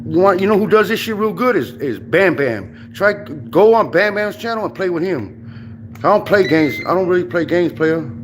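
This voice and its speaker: Brash, high-voiced young man on a livestream. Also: expressive, moderate pace, a little hiss or hum, poor audio. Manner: brash, profane, rambling with street slang. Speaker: livestream host. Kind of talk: casual livestream banter.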